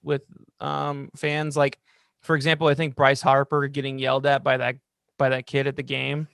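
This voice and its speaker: A young man co-hosting a podcast, talking in an excited, rambling way and telling stories. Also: mid-range voice, moderate pace, vocal fry, clear, resonant tone, no echo, studio quality. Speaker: podcast co-host. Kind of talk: casual chat. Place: lives in Los Angeles.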